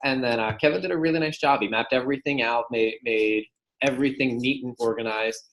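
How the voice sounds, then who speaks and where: A man's voice: medium pitch, a little fast, fairly bright tone, low-quality recording. Casual man leading a sales team meeting. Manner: casual, tags remarks with "right?"; encouraging, upbeat. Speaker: sales district manager. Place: meeting room with a whiteboard.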